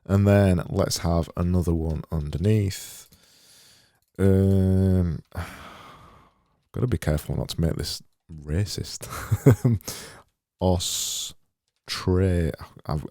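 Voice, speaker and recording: Low, slow man thinking aloud. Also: steady tone, warm tone, no echo, studio quality. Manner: thinking aloud, muttering, self-deprecating. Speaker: graphic designer making visuals. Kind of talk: casual screen-recorded work commentary.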